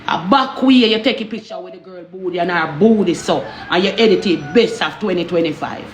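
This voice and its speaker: A woman's voice: on the low side, brisk, roomy sound, slight background noise. A woman with a Jamaican accent telling her own story in a heated, emphatic way, often stopping to ask if you understand.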